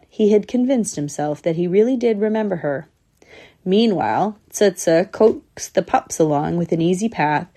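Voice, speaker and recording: A woman narrating a storybook, giving each character its own voice. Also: lowish voice. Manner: lively, voicing each squirrel.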